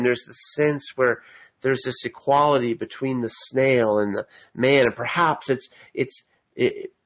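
A man's voice: medium pitch, low-quality recording. A man preaching a sermon in an earnest manner, building to emphatic exhortation. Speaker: pastor.

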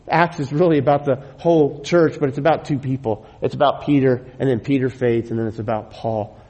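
A man's voice: a little high, dark tone, rough recording. A middle-aged man preaching a sermon as pastor, earnest and emphatic, often repeating his phrases for weight.

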